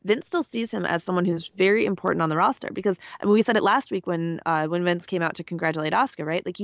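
Chatty low-voiced woman podcaster. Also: no echo, highs cut off. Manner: chatty, rambling, many fillers. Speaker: podcast co-host. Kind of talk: casual wrestling podcast chat.

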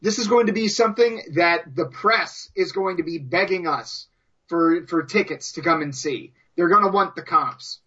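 A man co-hosting a podcast, excitable and joking in casual chat. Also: on the high side, normal speed, husky, muffled recording. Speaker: podcast co-host. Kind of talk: casual chat, hyped promo.

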